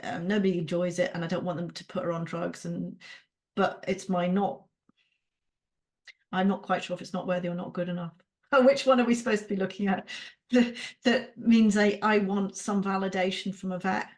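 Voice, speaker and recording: A woman speaks with raw candor on a casual podcast. She swears freely and laughs between her thoughts. Her voice sits at a middle pitch. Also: fairly even intonation, normal speed, a little mellow. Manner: frank and emotional, swears freely, laughs often. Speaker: podcast co-host, coaching client. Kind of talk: candid conversational podcast chat.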